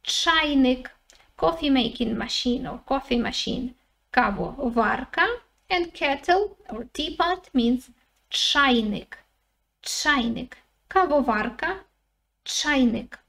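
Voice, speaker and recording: Slow high-voiced woman teaching vocabulary. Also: animated, gravelly, a bit bright. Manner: repeats each word slowly, with many "uh"s. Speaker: language teacher. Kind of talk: vocabulary lesson.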